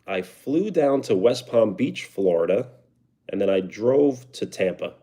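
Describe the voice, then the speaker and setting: A man's voice: on the low side, lively intonation, unhurried, warm tone. A young man with a New York accent, chatting casually on a live stream and answering viewer comments. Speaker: livestreamer.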